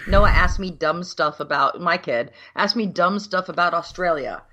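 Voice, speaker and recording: With a fairly low pitch and moderate pace, this Minneapolis woman in her 50s co-hosts a cocktail podcast built on casual chat. She's a frank, animated storyteller who doesn't hold back on the swearing.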